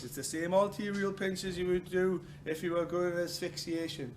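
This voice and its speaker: The man leading this martial arts class has a high voice and a flat delivery, speaking at normal speed with few pauses. He jokes, swears, and acts out quotes as he teaches, and the recording is echoey and noisy from the training hall.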